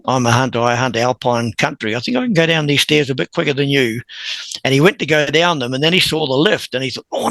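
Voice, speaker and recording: A man, a podcast guest telling a long story in a lively, chuckling way. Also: medium pitch, no room sound, rough recording. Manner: animated anecdote-teller who chuckles and clears his throat. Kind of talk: conversational storytelling.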